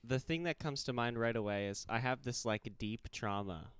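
A man's voice: medium pitch, normal speed, a bit bright, clear, resonant tone, no echo. A young man chatting casually, telling a rambling story with many fillers. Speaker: podcast co-host. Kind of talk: casual chat.

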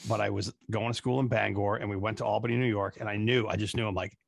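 A man with a gravelly, husky voice trades casual, profane banter on a podcast. He tells loose, rambling stories and swears freely. The sound is close and dry. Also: fairly low pitch, steady tone, fast talker, dry recording. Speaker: podcast co-host.

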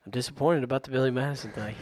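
A man's voice: medium pitch, fairly even intonation, rapid-fire, darkish tone, no echo. A man hosting a podcast, telling jokes and chatting casually with friends. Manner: joking, chatty storyteller. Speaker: podcast host. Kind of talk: casual chat.

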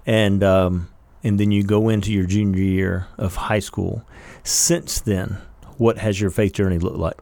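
A man's voice: low voice, level tone, measured pace, gravelly, darkish tone, no echo. A man hosting a faith podcast, asking questions and giving short encouraging affirmations. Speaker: podcast host.

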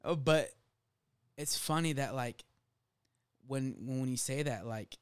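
A man co-hosting a casual faith podcast, animated and laughing, acting out little quoted voices as he talks. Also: medium pitch, takes it slowly, clean tone, no room sound. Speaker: podcast co-host.

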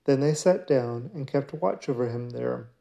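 A man giving a daily scripture reading in a measured, steady way. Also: medium pitch, vocal fry. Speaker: scripture reader.

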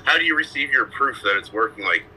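A man cracking jokes on a casual podcast, bantering and laughing loudly. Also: mid-range voice, lively intonation, quick pace, slightly rough, low-quality recording. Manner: joking banter, loud laughs. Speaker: podcast co-host.

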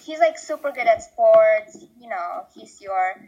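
Teen girl, slow chatty talker, bit high voice, on a video call. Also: animated, darkish tone, highs cut off. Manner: chatty, lots of likes. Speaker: student presenting a book. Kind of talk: casual video-call chat.

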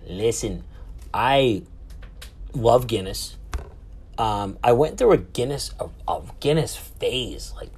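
A man's voice: medium pitch, a little mellow. A man in his thirties casually telling a travel story, rambling and swearing, with lots of fillers and restarts.

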